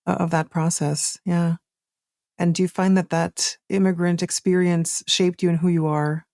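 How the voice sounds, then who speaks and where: Low, mellow woman podcast host. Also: flat delivery, normal speed, no room sound, studio quality. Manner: curious, affirming interviewer. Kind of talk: podcast interview.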